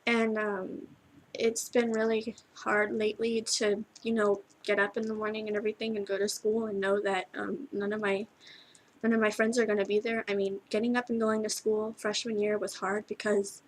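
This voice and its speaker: A teenage girl recording a tearful video message to her best friend, halting and full of restarts as she cries. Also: medium pitch, level tone, rough recording. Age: teens. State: crying. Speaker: vlogger.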